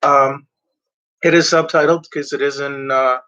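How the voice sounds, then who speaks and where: A man chats about old movies in a loose, rambling way, stopping often to clear his throat and stumble over words. His voice sits at an ordinary middle pitch. The recording sounds a little dull and lo-fi. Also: fairly even intonation, bright, forceful tone. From Mexico. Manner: rambling, halting, frequent throat clearing and fillers. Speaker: movie reviewer. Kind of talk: casual movie talk, reading back covers.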